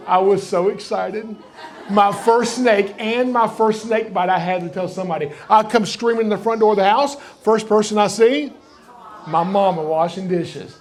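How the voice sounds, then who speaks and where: A middle-aged man with a Southern US accent from Georgia, telling folksy, joking stories as he gives a live reptile program to an audience in a library. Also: sits high. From Georgia, USA. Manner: joking, folksy, animated storyteller. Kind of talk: live storytelling talk to an audience.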